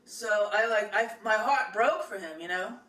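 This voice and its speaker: Speaking at normal speed in a medium-pitched, fairly bright voice, a middle-aged woman recounts a personal story. Her chatty telling wanders, looping back with fillers and restarts, and she's somewhat off-mic in an echoey space.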